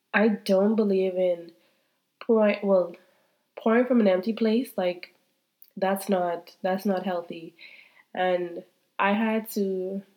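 A woman's voice: mid-range voice, darkish tone. A woman in her thirties hosting a faith-based podcast, speaking candidly and heartfelt, still congested from a cold. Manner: heartfelt, repetitive, talks straight to listeners. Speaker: podcast host.

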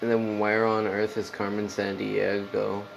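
Rambling, profane podcast guy with a gravelly voice. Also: fairly low pitch, monotone, a little slow, background noise. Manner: rambling, profane, heavy on "like" and "dude". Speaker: podcast host. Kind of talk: casual solo podcast chat.

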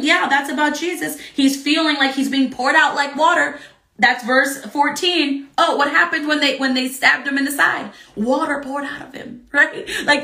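A woman teaching a Bible study lesson, earnest and excited, reading scripture aloud with feeling. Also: sits high, echoey room.

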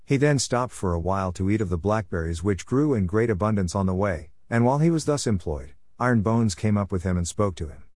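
A man narrates an old folk tale in a steady, measured audiobook reading. His voice sits on the low side. The recording is dry and close, with no room sound at all. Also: dry recording.

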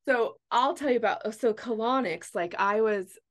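A woman in her forties chatting casually, telling a story with lively acted-out quotes. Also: fairly high pitch, normal speed. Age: 40s. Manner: animated storyteller, acts out quotes. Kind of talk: casual chat.

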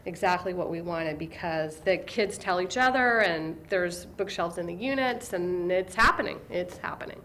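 A woman being interviewed as a librarian, telling stories with lively energy and briefly imitating the excited kids she works with. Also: lowish voice, moderate pace, hardly any pauses, a little hiss or hum. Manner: animated storyteller, acts out kids' voices with excitement. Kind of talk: conversational interview.

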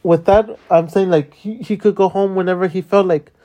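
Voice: medium pitch, steady tone, moderate pace, warm tone. A podcast host in a casual venting monologue, swearing often and rambling through restarts and fillers in an exasperated, complaining way.

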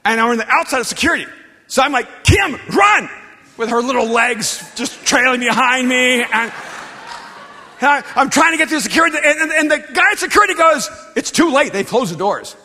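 A middle-aged male pastor preaching a sermon through personal stories, swinging from hushed confession to shouting. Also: extremely high pitch, brisk. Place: large church gathering hall. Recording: long reverb of a big hall.

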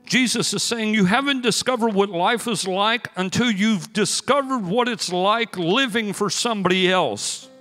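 A man preaches from the pulpit with a high, bright voice. His energetic storytelling swells into emphatic bursts. A long reverb of the church hall trails his words, with soft music underneath. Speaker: pastor. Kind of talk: sermon. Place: church sanctuary.

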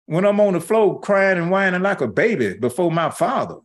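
Animated folksy preacher man. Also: sits high, fairly quick, few pauses. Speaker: pastor. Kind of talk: sermon.

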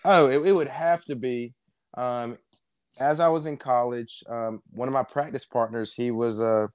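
Smooth-voiced wrestling coach. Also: male voice, medium pitch, moderate pace, dry recording, studio quality. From South Georgia, US. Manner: relaxed storyteller, many fillers. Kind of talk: casual interview chat.

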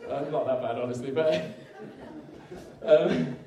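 A man's voice: medium pitch, slow pace, noisy background. A man preaching a sermon and telling a personal story in a conversational way, laughing often and building to emphatic peaks. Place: church hall. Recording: echoey room, mic at a distance.

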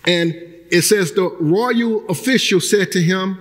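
A male pastor preaching a sermon, breaking into shouted emphasis and acting out the people he quotes. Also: on the high side, slow pace, in a large hall.

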